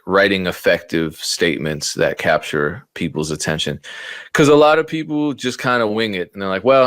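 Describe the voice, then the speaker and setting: A man with a very low voice teaches a casual online class, thinking out loud as he types and restarting his sentences. Now and then he cracks a sarcastic joke. The sound is dry and close, with no room around it. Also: dry recording. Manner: thinks aloud, stumbles and repeats words while typing; joking and sarcastic at times. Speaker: music producer teaching a beat-selling class. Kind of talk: casual live-streamed tutorial.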